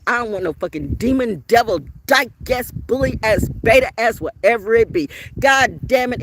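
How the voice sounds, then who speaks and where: Woman, vlogger, profane storyteller, loud-to-hushed swings, faint background hiss. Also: mid-range voice. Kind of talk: unscripted storytelling rant.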